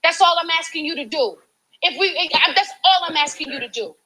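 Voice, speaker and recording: A woman's voice: very high-pitched, brisk, pushed and bright, poor audio. A woman activist confronting campaign volunteers, passionate and pleading in a preachy way, filmed on a handheld phone. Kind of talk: heated street confrontation.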